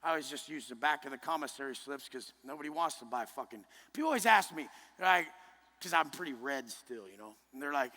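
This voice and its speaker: A man giving a motivational speech to a live group. He talks in a blunt, intense, heavily profane way and often pushes up to a shout. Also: medium pitch, expressive, fast. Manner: forceful, often rising to a shout. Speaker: motivational speaker. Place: large indoor event room. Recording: live hall speech with long reverb.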